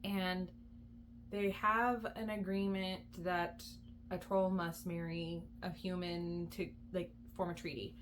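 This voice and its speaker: A woman's voice: lowish voice, flat delivery, slow, slight background noise. A young adult woman, a mom and book vlogger, chatting casually with lots of likes and ums. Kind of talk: casual vlog chat.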